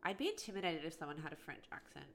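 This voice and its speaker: A woman's voice: deep voice, big pitch swings, rapid-fire. A young woman co-hosting a podcast, chatting casually with lots of "like" and a wry edge. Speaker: podcast co-host. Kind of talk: casual chat.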